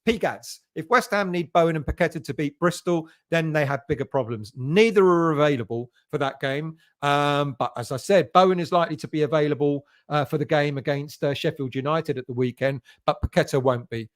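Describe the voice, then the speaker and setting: A man's voice: a little high, brisk, hardly any pauses, no room sound, studio quality. A man hosting a fan live stream, chatting casually and greeting viewers by name between fillers. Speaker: fan channel host. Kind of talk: live stream chat reading viewer comments.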